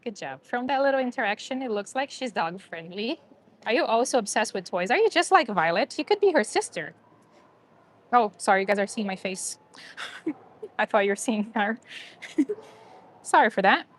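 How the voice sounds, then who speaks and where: High-voiced woman cooing at shelter dogs. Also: lively intonation, normal speed, pauses often. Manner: cooing baby talk to dogs. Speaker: livestream host. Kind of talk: casual livestream chat. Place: loud indoor animal shelter kennels. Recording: noisy kennel with barking dogs. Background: barking dogs.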